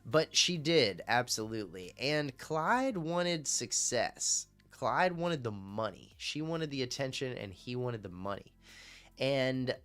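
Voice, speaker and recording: A male streamer talking off the cuff to his live chat, rambling and swearing as he drifts between thoughts. His voice sits at an ordinary middle pitch for a man. Faint music plays underneath him. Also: animated, slow, fairly bright tone, clean tone.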